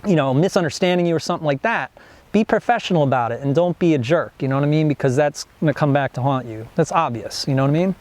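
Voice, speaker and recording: A man's voice: a little high, darkish tone. A young man teaching an online business course in a casual, rambling way, full of fillers and restarts. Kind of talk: casual instructional talk.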